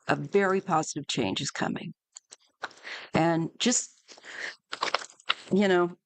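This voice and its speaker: A woman's voice: on the low side, vocal fry, no echo. A woman doing a live tarot reading for viewers, chatty and reassuring, with many fillers and restarts. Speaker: tarot reader.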